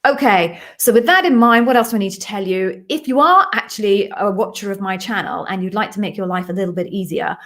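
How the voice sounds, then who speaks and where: A woman from the UK hosting a live Q&A stream from her home office, chatty and quick with self-amused asides. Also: mid-range voice, a bit bright. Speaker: host and interview coach. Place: echoey home office being redecorated.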